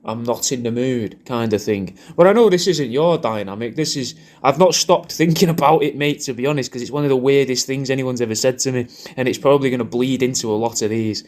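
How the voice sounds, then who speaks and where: A man rambles through a personalised comic birthday message. His delivery is loose and crude, full of repeated half-starts and tangents, at an ordinary middle pitch. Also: fast, few pauses, a little mellow. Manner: rambling, repeats himself, crude jokes, puts on silly voices in quotes. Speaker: comedian recording a personalised video message.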